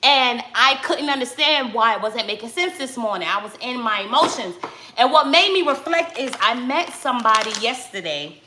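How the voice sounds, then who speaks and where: A woman with a Brooklyn accent talking casually and candidly, loud and direct, in a reflective vlog. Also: fairly high pitch, roomy sound, background noise. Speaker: spiritual vlogger, tarot reader.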